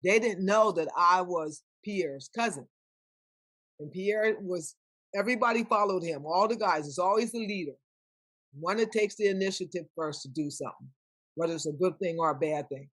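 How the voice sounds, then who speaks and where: This older woman, a guest on a podcast, has a lowish voice and a normal pace with no room sound. She tells stories conversationally with animation, acting out each person she quotes.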